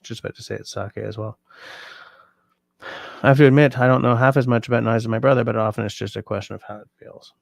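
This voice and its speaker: A sleepy, yawning man hosting a livestream, chatting casually and reading out viewer comments in a relaxed, rambling way. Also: medium pitch, quick pace, creaky, dry recording. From Canada. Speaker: livestream host.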